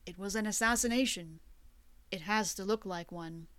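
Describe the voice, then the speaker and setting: A woman's voice: mid-range voice, normal speed, a bit bright, no echo, lightly acted. Woman reading a composed male killer, menacing and matter-of-fact, dry close audiobook mic. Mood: coldly calm. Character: cold, calm male assassin in disguise.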